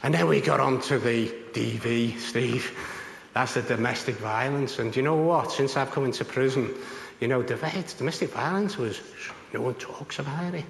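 A man's voice: moderate pace, creaky, a little hiss or hum. A man, a prison chaplain, telling a story in conversation and acting out the voices of the people in it. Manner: animated, acts out others' voices with big pitch jumps. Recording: echoey room with long reverb.

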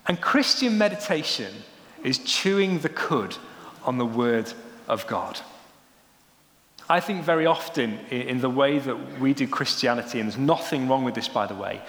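Young guy giving a sermon, chatty and animated, big echoey church hall with long reverb. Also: medium pitch, normal speed. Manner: animated storytelling, rising excitedly when joking. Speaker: preacher.

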